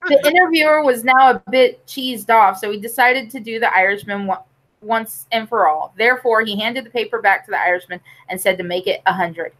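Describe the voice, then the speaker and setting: A woman's voice: on the high side, fairly quick, a bit bright, poor audio. A woman reading jokes aloud to friends on a group call. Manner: reads jokes with quoted voices. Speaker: joke teller on a group call.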